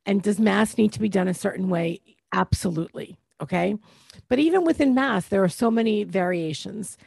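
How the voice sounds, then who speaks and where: Husky reflective woman host. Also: mid-range voice, moderate pace, a little mellow, dry recording. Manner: reflective, teacherly, asks questions. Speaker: podcast host. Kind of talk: faith podcast conversation.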